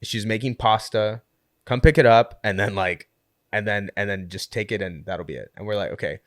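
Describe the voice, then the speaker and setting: Speaking at a moderate pace in a fairly low voice, a podcast guest who co-founded a community animatedly recounts a story, saying "like" constantly and playing out the quotes himself. The casual chat is captured close and dry, with no room sound.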